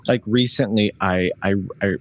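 A man's voice: lowish voice, moderate pace. A man telling stories from his work as a medium in casual chat, rambling, laughing and cutting himself off. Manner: rambling, laughing, self-interrupting. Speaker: psychic medium guest. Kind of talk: casual storytelling.

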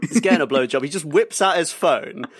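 A man's voice: on the high side, expressive, brisk, husky. A man co-hosting a podcast, telling a story in casual chat and laughing often as he goes. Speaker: podcast co-host.

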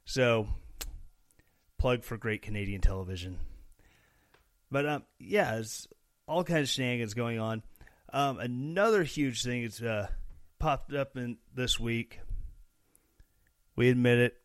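A man's voice: mid-range voice, unhurried, long pauses, no room sound, clean studio sound. A young man from Missouri hosting a casual solo podcast, rambling and joking with sarcastic asides. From Missouri, USA. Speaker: podcast host.

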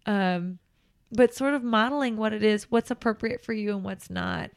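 A woman who works as a nanny, co-hosting a podcast in casual chat, earnest and animated. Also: mid-range voice, moderate pace, clear, resonant tone. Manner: warm, earnest, animated storytelling with laughs.

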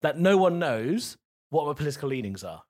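Comedian co-host, thirties man, argumentative, lively and a bit high pitched. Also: a little fast. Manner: argumentative, defends himself at length. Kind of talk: casual chat.

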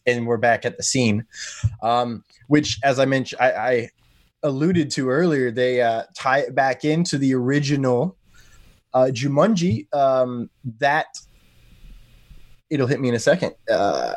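Animated American man on a podcast. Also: moderate pace, no room sound, studio quality. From United States. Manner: animated, pitch jumps when excited, rambling. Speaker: podcast guest. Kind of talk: casual podcast chat.

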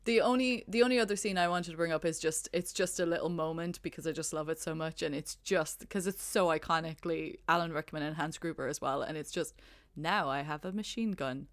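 A woman's voice: low-pitched, steady tone, fast talker, few pauses, dry recording. A young woman co-hosting a podcast in casual chat, rambling with hesitant restarts and laughing. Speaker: podcast co-host.

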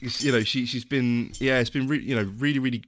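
A man's voice: mid-range voice, fairly even intonation, fast. A man, co-hosting a casual podcast chat, talking with many ums and restarts. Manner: hesitant, full of ums and restarts. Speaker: podcast co-host.

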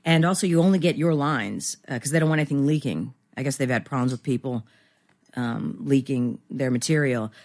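A woman's voice: very deep voice, brisk, a little mellow. A middle-aged woman actor talking candidly as an interview guest, rambling and self-deprecating with many fillers.

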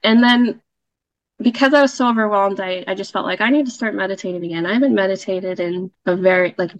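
A woman's voice: mid-range voice, fast, dull audio. Chatty woman telling a personal story. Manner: chatty, with frequent fillers and laughs. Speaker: podcast guest sharing a story. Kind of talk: casual storytelling.

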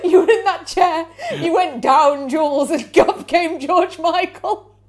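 A woman's voice: extremely high pitch, a little slow. A woman co-hosting a casual chat, responding eagerly and laughing along.

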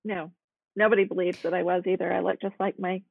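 A woman's voice: fairly low pitch, flat delivery, fast talker, gravelly, no echo. A woman caller chatting casually over the phone, giving short answers and laughing easily. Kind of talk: casual chat. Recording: tinny phone line.

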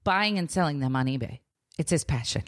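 A woman on a podcast, chatting in a dry, matter-of-fact way. Her voice is unusually deep for a woman. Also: lively intonation, a little fast. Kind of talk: casual chat.

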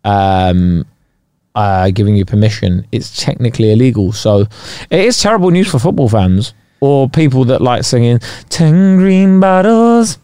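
A man, co-hosting a casual podcast with jokey, animated banter. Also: fairly low pitch, normal speed, no room sound, clean studio sound. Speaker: podcast co-host. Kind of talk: casual chat.

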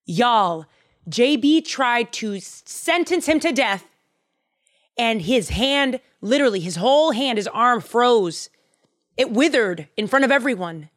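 A young woman hosting a casual Bible storytelling chat in a chatty, slangy, animated way. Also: mid-range voice, normal speed. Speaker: podcast host.

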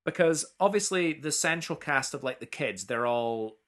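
A man co-hosting a casual chat, talking loosely, restarting sentences and jumping up in pitch when excited. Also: normal speed. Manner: chatty, self-interrupting, big pitch swings when excited. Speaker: podcast co-host.

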